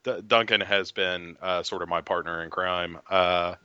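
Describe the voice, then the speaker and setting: Joking crude guy on a podcast, kinda low voice but bright and tense, lo-fi sound. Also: fairly even intonation, unhurried, clean tone, no echo. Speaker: podcast co-host. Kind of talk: casual chat. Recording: dull lo-fi podcast audio.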